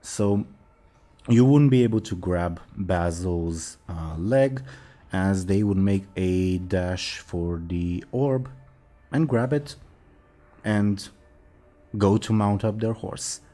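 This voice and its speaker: A man running a tabletop role-playing game as game master, talking in a relaxed way with hesitant fillers. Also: low voice, slow.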